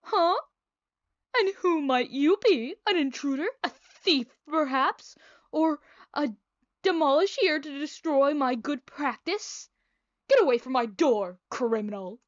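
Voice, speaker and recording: A woman's voice: sits high, expressive, unhurried, dry recording, muffled recording, pitched above the performer's own voice. A woman voicing an eccentric, cheerfully sinister male doctor in a visual novel, with a theatrical, mock-menacing delivery. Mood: suspicious.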